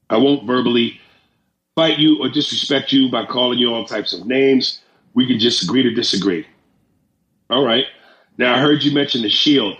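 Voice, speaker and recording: A man's voice: mid-range voice, fairly bright tone, dull audio. Crude, roomy-sounding man podcasting. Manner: crude, joking, swears freely. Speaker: podcast host. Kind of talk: casual podcast chat, reading listener messages. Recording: roomy echo.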